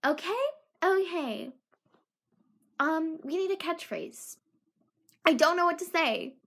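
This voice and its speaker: A woman's voice: extremely high pitch, animated, takes it slowly, fairly bright tone. A teenage girl hosting her own podcast, rambling in a jokey, self-deprecating way. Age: teens. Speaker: podcast host. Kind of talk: casual solo podcast chat.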